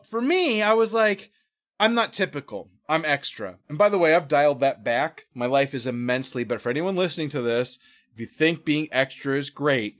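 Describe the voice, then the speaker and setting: A man talking as a podcast guest, telling a story in a casual, profane, animated way and acting out voices. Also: fairly high pitch.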